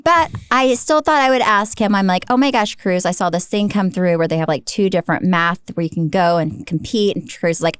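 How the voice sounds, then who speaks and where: A woman in her forties co-hosting a podcast, telling stories in an animated way and laughing often. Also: lowish voice, fairly quick, few pauses, clear, resonant tone, no room sound, studio quality. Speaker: podcast co-host. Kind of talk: casual podcast chat.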